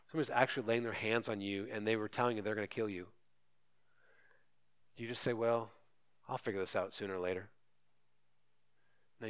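Bright-voiced man preaching urgently. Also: fairly low pitch. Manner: earnest, urgent preaching with rhetorical questions. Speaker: pastor. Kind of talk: sermon.

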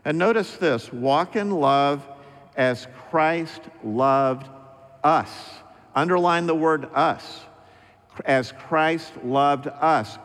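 A middle-aged male pastor delivering a sermon with emphatic, slow, repeated refrains. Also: a little high, fairly bright tone. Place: church sanctuary. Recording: long reverb of a church hall.

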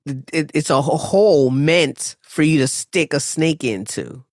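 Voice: medium pitch, expressive, unhurried, no echo. A co-host in a casual podcast chat, reacting and asking practical questions. The intonation swings up and down a lot, and the recording is dry and close.

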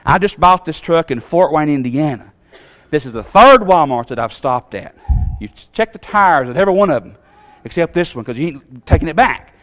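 Preacher, storytelling, a bit high-pitched, animated, acts out the voices. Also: male voice, normal speed. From Tennessee. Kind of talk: storytelling sermon.

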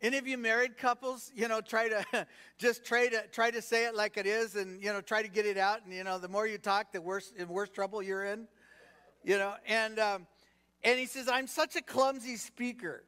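A man with a notably high voice preaching a sermon. He talks conversationally, tossing rhetorical questions to the congregation and leaning on "you know" between thoughts. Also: little pitch movement, moderate pace, bright, forceful tone, smooth. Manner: peppered with "you know" fillers. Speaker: pastor.

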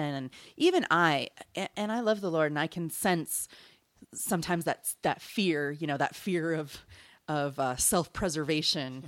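A woman's voice: sits low, no echo. A woman co-hosting a Christian radio show, sharing heartfelt reflections on a Bible passage.

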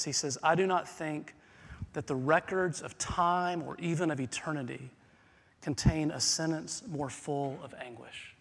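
A man with a high-pitched voice delivers a sermon in a church sanctuary. He drops to a hush and then builds to loud, urgent emphasis, and a long hall reverb trails every phrase. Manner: dynamic preacher, swings from hushed to loud. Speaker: pastor.

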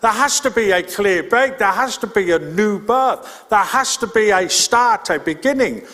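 A man's voice: high-pitched, expressive, normal speed, a bit bright, long reverb tail. A male pastor preaching a sermon in an earnest, plain-spoken way, repeating his key points. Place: church.

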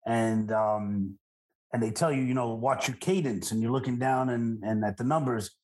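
A man's voice: mid-range voice, moderate pace. Chatty male podcast host. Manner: relaxed, chatty, shares personal anecdotes. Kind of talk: casual conversation.

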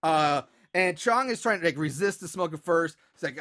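A man's voice: on the high side, animated, moderate pace, a bit bright. A man hosting a podcast, casually retelling a movie plot with frequent laughs and filler words. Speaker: podcast host.

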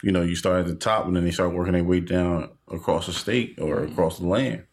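A man's voice: low-pitched, steady tone, brisk. A man guesting on a casual podcast chat, telling stories in a rambling way with lots of fillers and restarts.

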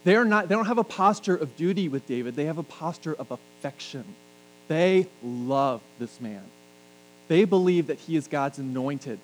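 A man's voice: a little high, low-quality recording. A middle-aged man preaching a sermon, talking to the congregation conversationally and tossing in jokes. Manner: conversational, joking asides to the congregation. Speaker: pastor. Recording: faint mains hum.

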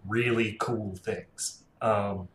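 A man's voice: lowish voice, very slow. A man co-hosting a podcast, chatting casually and enthusiastically about comics in an easygoing way. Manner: easygoing, relaxed fillers, enthusiastic. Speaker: podcast co-host. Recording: echoey room with faint noise.

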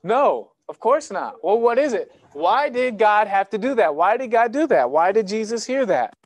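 A young man preaches to his church in a lively, conversational way, slipping into quick acted-out exchanges to make his point. His voice sits high for a man. The sound is close and dry, with no room echo. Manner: animated, conversational preaching with sports analogies. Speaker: pastor. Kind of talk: sermon. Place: church sanctuary.

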